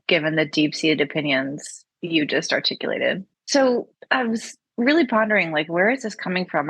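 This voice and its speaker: Woman, podcast panelist, husky, lowish voice, conversational, dry close sound. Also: fairly bright tone, dry recording. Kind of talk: podcast discussion.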